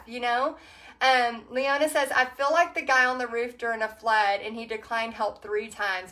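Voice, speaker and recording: Woman, Texan accent, livestream host, chatty storytelling, crisp bright tone. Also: a little high. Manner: chatty, animated storytelling with frequent fillers. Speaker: art teacher and livestream host. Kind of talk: casual livestream chat reading comments.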